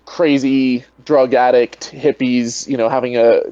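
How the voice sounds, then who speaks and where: A man's voice: mid-range voice, fairly even intonation, unhurried, mellow, clear, resonant tone, no echo, highs cut off. A man talking as a guest in a casual online debate, rambling and full of "you know" fillers over a video call. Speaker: guest, atheist video creator.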